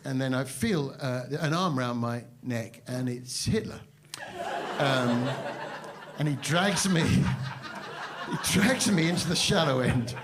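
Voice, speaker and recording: A man's voice: mid-range voice, expressive, very noisy. Rambling, mock-serious male comedian. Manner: rambling, halting delivery full of fillers and restarts; mock-serious, self-deprecating. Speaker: stand-up comedian. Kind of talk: live stand-up storytelling with crowd banter. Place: live venue stage before an audience.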